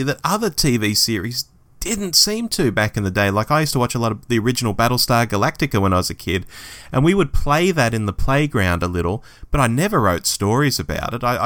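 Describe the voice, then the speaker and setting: A man's voice: medium pitch, sing-song, a little fast, fairly bright tone, no room sound. A man with an Australian accent co-hosting a podcast, chatting enthusiastically. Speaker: podcast co-host. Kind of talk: casual chat.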